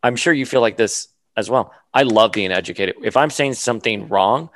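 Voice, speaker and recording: A man's voice: fairly low pitch, moderate pace, a bit bright. A man co-hosting a casual podcast, talking animatedly with lots of fillers and restarts. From Miami area. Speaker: podcast co-host. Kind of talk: casual chat.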